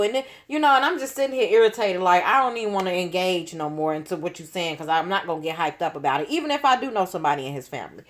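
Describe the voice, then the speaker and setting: A woman's voice: on the low side, very fast, few pauses. Slangy woman telling a story. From Chicago. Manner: animated, slangy, leans on "you know what I'm saying". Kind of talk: casual storytime.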